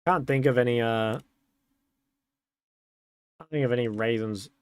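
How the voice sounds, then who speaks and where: A man's voice: mid-range voice, a little slow, clean tone, no echo, studio quality. A young man streaming, chatting casually and answering chat in a laid-back way.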